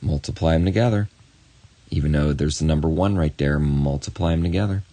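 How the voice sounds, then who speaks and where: A very low, dark-toned male voice leads a student through a math lesson on video. The teacher offers encouragement and quick asides while speaking to the viewer directly, recorded close and dry with no room sound.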